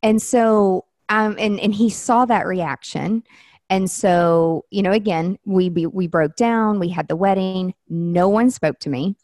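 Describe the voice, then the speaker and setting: A woman's voice: mid-range voice, measured pace, a little mellow, dry recording, clean studio sound. A woman from Nashville, a wedding planner, telling a story in casual chat with many fillers and restarts. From Nashville, USA.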